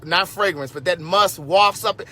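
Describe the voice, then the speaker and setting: A man in his forties telling a story to his viewers in a casual livestream, animated and sassy, with frequent asides. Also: high-pitched, a little slow. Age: 40s.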